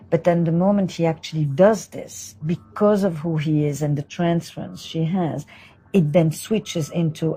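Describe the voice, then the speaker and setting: A woman therapist guiding a couples session, calm and direct, moving between French and English. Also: low-pitched, moderate pace, slightly rough.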